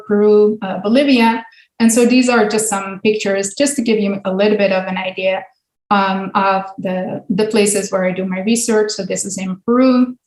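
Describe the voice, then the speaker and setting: A woman of middle pitch gives an academic lecture, walking listeners through examples one step at a time. Her talk is patient and full of small ums and uhs. The sound rings around an echoey room. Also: darkish tone. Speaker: linguistics professor giving a guest talk.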